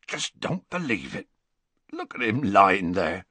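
A man reading aloud and voicing a huge, shaggy, gruff gamekeeper who talks hoarsely and anxiously. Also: lowish voice, very animated, slow pace, pushed and bright, dry recording, exaggerated voice.

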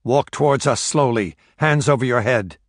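A man's voice: mid-range voice, moderate pace, dry recording, natural voice. Male reader doing a cold captor figure for an audiobook: raised, clipped orders, dry sound. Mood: curt. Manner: loud commanding calls, clipped orders. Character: ruthless male captor calling across a boat deck.

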